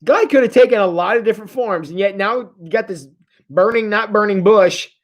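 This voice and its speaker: A pastor giving a casual, joking livestream sermon and reading viewer comments aloud, often stopping and restarting mid-sentence. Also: mid-range voice. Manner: jokey, conversational, halting restarts. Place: church.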